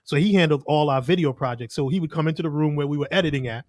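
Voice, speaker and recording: A man's voice: fairly high pitch, rapid-fire, a little mellow, dry recording, clean studio sound. A man, a podcast guest telling stories in earnest, casual conversation. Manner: earnest storytelling with lots of "like" and quoted asides.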